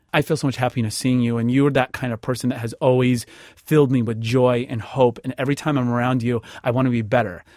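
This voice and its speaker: A man tells a personal story on a dry, close recording, with no room sound at all. He trips over his words and repeats himself as he acts out the voices of the people in it. His pitch sits in the middle of the male range. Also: no room sound. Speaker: interviewee telling a personal story. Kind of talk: emotional first-person storytelling.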